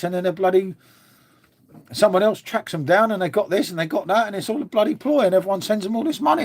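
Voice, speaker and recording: Bloke live streaming, slightly high voice, chatty, swears a bit, talks to chat. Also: male voice, expressive, fast. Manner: chatty and matey, swears, answers viewers' comments. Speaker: beer channel host.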